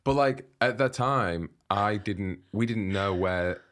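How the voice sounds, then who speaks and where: A man's voice: fairly low pitch, slow pace. A young man in his twenties co-hosting a podcast, telling a story in casual chat, acting out the other people's lines with lots of restarts. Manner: animated storyteller, acts out quoted voices, many restarts. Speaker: podcast co-host.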